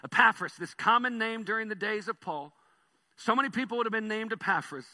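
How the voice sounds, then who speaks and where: Bright high-voiced male pastor preaching. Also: a little fast. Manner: animated storytelling, swings between soft and loud. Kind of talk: sermon.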